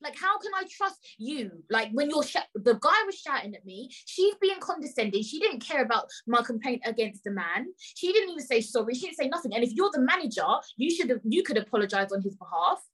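A woman's voice: high-pitched, sing-song, brisk, few pauses, fairly bright tone, breathy edge, poor audio. A woman hosting a podcast, telling a story in an indignant, emphatic way, swearing freely and talking straight to her listeners. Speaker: podcast host. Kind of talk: casual storytelling rant.

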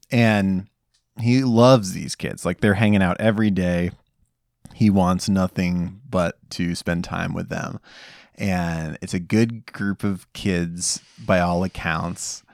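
A man's voice: sits low, creaky, darkish tone, dry recording, studio quality. A man co-hosting a podcast in casual chat, making joking, wry asides. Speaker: podcast co-host.

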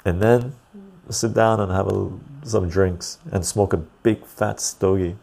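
Tired, gravelly low-voiced man chatting. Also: fairly even intonation, takes it slowly, a little mellow. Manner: loose and rambling, laughs easily, reads chat aloud. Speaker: livestream host reading chat. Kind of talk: casual livestream chat.

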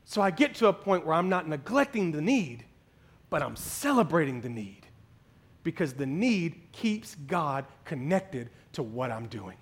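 A man's voice: on the high side, very animated, measured pace, husky. A male pastor preaching a sermon, telling a story and building up to emphatic exclamations.

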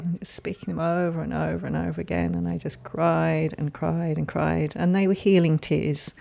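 A woman hosting a solo podcast, speaking in a gentle, caring and reflective way. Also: low voice, little pitch movement, normal speed, creaky, few pauses. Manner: gentle, soft-spoken, caring. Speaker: podcast host.

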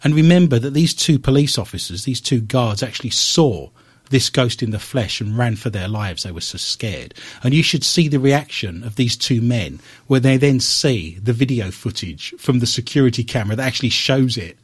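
A man's voice: mid-range voice, moderate pace, slightly rough. A man hosting a radio talk show, telling stories and reading the news with wry asides. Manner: animated storyteller with wry asides.

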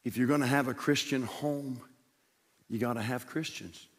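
A male pastor preaching a sermon in a church, telling a story that swings from loud, shouted peaks to hushed, quiet lines. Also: mid-range voice, moderate pace, husky. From United States. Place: church sanctuary. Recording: long church reverb.

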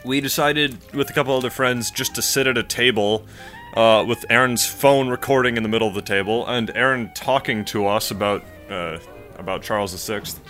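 A man co-hosting a podcast in casual chat, wry and quick with his interjections. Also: medium pitch, fairly bright tone, soft background music. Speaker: podcast co-host.

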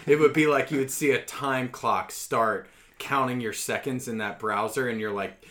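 A man co-hosting a casual podcast, animated and profane, breaking into loud mock voices. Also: mid-range voice, normal speed. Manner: animated, swears a lot, shouts mock voices. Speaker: podcast co-host.

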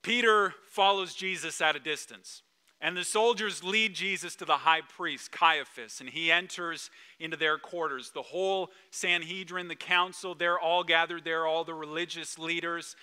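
Bright-voiced male preacher telling a story. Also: on the high side, steady tone, normal speed, clear, resonant tone. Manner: storytelling, acts out quoted lines, drops to a hush at solemn moments. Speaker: pastor. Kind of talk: sermon.

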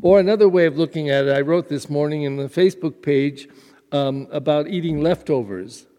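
A pastor delivers a conversational homily, hesitating with fillers and repeating words as he goes. His voice sits fairly high but sounds mellow and soft. The recording carries a long reverb, as if made in a large hall. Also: a little fast. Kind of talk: podcast homily.

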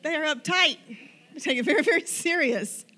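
Middle-aged woman, lively testimony storyteller, bright and a touch high, plays all the parts. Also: fairly quick. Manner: animated, self-deprecating, acts out quoted dialogue. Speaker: youth sponsor telling a personal faith story.

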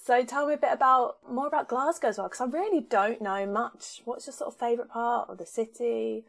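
A woman hosting a podcast, asking curious questions in a relaxed chat and laughing easily. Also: fairly high pitch, a little fast, creaky. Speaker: podcast host. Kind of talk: casual interview chat.

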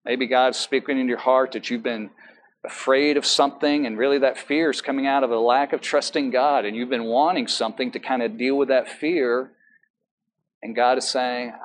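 A man's voice: mid-range voice, steady tone, normal speed, a little hiss or hum, rough recording. A man preaching as pastor in a church, talking in a conversational way with many asides and self-corrections. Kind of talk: sermon. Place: church sanctuary.

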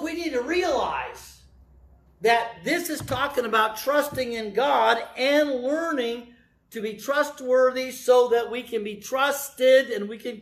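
A man delivers a sermon in a high, light voice. He preaches conversationally, throws questions out to the congregation and wanders into a folksy story with asides. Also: a bit bright. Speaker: pastor.

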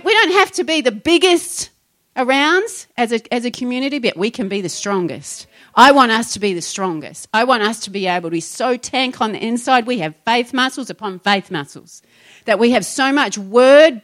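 A woman's voice: fairly high pitch, fairly bright tone. A middle-aged woman preaching a sermon, exhorting her congregation with rhetorical questions. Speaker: pastor.

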